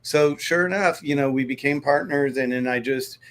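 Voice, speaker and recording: Man, interview guest, lively anecdote, replays dialogue, mid-pitched voice. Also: moderate pace. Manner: animated, retells dialogue with many "he goes". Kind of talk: storytelling in a conversation.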